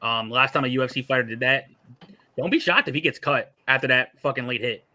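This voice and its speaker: A man with a mid-pitched, very bright, sharp voice, hosting a sports podcast. He is laid-back and full of slang. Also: brisk. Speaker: podcast host. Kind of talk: casual sports talk.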